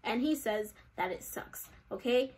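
A woman's voice: a little high, unhurried. Giggly, chatty young woman gamer. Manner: chatty, giggly, exaggerated reactions. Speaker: gaming vlogger. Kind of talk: casual gameplay commentary.

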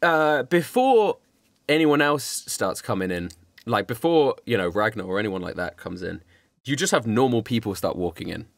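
A man leads a tabletop role-playing session as game master, his pitch swinging up and down as he talks. He laughs often and restarts his sentences, and the recording is dry and close. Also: sing-song, normal speed, creaky, no echo.

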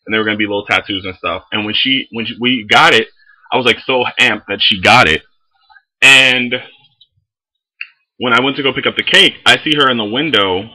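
Husky, bright-voiced young man. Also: medium pitch, fairly quick, poor audio. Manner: animated, heavy swearing, lots of fillers. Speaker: vlogger. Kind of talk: casual storytime vlog.

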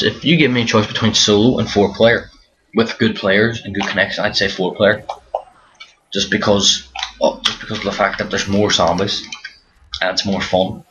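A man's voice: fairly low pitch, fairly bright tone. Tired young man rambling over gameplay. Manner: rambling, frequent restarts, tired yawning. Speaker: gaming commentator. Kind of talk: casual gameplay commentary. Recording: dull lo-fi mic with faint hiss.

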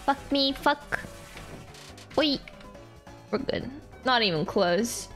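A woman's voice: a little high, lively intonation, slow, fairly bright tone. A young woman streamer giving playful, casual commentary on a game and chatting with her viewers. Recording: faint game music behind.

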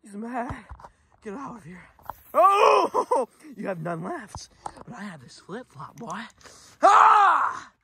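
A gaming channel host giving frantic, excitable gameplay commentary, often shouting. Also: medium pitch, normal speed, breathy edge, no echo.

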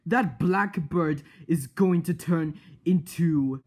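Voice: mid-range voice, slow pace, a little mellow, lightly acted. A performer voicing a smug male pig scientist with a British accent, lecturing in a snide tone for a fan cartoon. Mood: explaining. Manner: lecturing, patient but snide. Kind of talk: fan-made cartoon voice acting.

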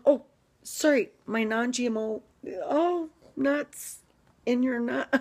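A middle-aged American woman delivering a fired-up vlog rant, emphatic and swinging between loud punches and hushed asides. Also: medium pitch. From United States. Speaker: vlogger. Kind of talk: ranting vlog monologue.

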